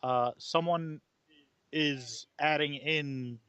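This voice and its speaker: A joking man co-hosts a casual chat, teasing his friend as he rambles on. His voice sits a little high and bright. The recording is dull and lo-fi. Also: fairly even intonation, extremely slow, clear, resonant tone, no room sound. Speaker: podcast co-host. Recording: dull lo-fi microphone.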